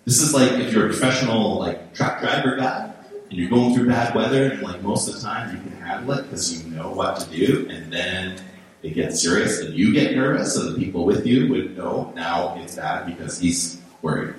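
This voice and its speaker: Man, pastor, casual storytelling sermon, slightly low voice, very echoey church hall, mic far off. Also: normal speed, a little hiss or hum. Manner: chatty, storytelling, lots of "right?" and "like". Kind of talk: conversational sermon.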